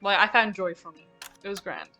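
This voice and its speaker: A woman's voice: medium pitch, lively intonation, brisk, pushed and bright, muffled recording, faint music behind. A woman streamer giving giggly, rambling let's-play commentary over a mystery game.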